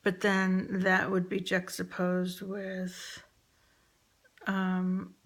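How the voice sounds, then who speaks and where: A woman telling a personal story in a halting, reflective way, with many fillers and restarts. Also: fairly low pitch, monotone. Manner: quiet, reflective, confessional.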